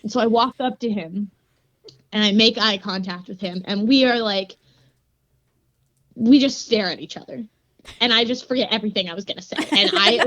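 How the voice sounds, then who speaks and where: A young woman, a grappler appearing as a podcast guest, tells a story in a casual, giggly, animated way, saying "like" a lot. Her voice is a little high, and the recording is dry and dull.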